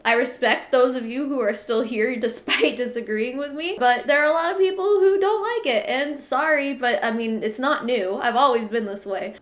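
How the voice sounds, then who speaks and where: A woman's voice: high-pitched, a bit bright. A young woman talking casually to camera as a vlogger, sniffly and congested, chatty and candid, laughing between remarks. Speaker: vlogger host. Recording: roomy echo.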